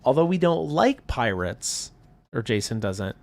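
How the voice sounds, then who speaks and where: Man, chatty stream co-host, swinging lively pitch, laughs a lot. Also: measured pace, gravelly. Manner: chatty, laughs often, reads out viewer comments. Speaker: livestream co-host. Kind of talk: casual livestream chat while painting miniatures.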